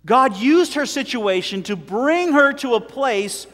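A man preaching a sermon, animated and jokey, with dramatic swings in volume. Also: very high voice, a little slow, big-room sound.

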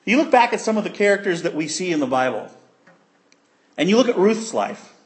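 A man preaching a sermon, telling a childhood story with animated voices and sound effects. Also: high voice, fairly quick. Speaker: pastor.

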